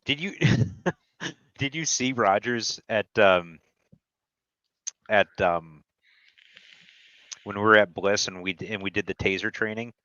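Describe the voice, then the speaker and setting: A man's voice: on the low side, takes it slowly, pauses often, bright, forceful tone, no echo. A middle-aged man who trained in law enforcement, telling army and police stories in a matter-of-fact, casual way. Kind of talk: casual profane chat. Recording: dry dull lo-fi sound.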